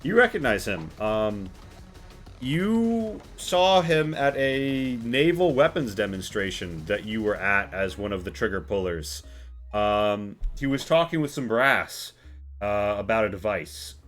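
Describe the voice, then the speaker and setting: A man narrating a tabletop role-playing game as game master, relaxed with many fillers. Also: on the low side, unhurried, faint music behind.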